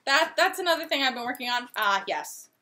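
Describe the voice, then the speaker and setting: A young woman chatting casually as a video co-host in her apartment. Her voice sits high and bright. She talks in quick runs with restarts and acts out little quotes. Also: expressive. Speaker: podcast co-host. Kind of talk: casual chat. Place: apartment living room. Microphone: camera.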